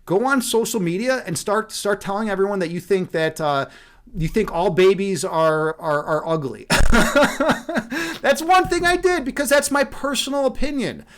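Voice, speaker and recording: A man's voice: sits high, animated, normal speed. A man hosting a casual livestream monologue, rambling and profane, laughing at his own jokes. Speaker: livestream host.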